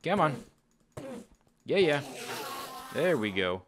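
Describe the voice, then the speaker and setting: A man's voice: fairly high pitch, slow, noisy background. A man giving chatty, casual commentary over his own gameplay, often exclaiming and chuckling as he plays. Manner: chatty, animated, exclaims and laughs at the game. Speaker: Let's Play host.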